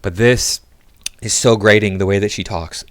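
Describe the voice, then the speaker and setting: A man's voice: fairly low pitch, moderate pace, a bit bright, no echo. A man giving sarcastic, mocking commentary on video clips. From United States. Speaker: reaction commentator. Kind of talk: critical commentary over clips.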